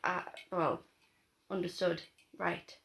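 A woman's voice: on the low side, level tone, takes it slowly, creaky, a bit bright. A young woman with a Geordie accent chatting casually as podcast co-host, giggly and swearing freely. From north-east England. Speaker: podcast co-host, drama school trained. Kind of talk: casual chat.

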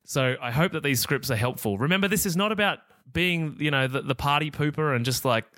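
A man's voice: fairly high pitch, expressive, a little fast, fairly bright tone, dry recording. A middle-aged man, talking casually on his solo podcast and acting out example conversations. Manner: casual, chatty, acts out example dialogue. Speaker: podcast host.

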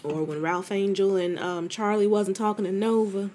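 A woman's voice: medium pitch, flat delivery, normal speed, warm tone, a little hiss or hum. A middle-aged woman talking candidly and conversationally as a host, speaking straight to her listener and calling her "girl". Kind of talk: casual confessional talk.

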